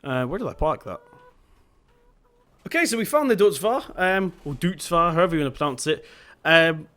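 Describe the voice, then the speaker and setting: A man's voice: fairly high pitch, big pitch swings, a little fast, sharp tone. A young man giving casual let's-play commentary as a gaming video host, chatty and rambling, often stopping to correct himself.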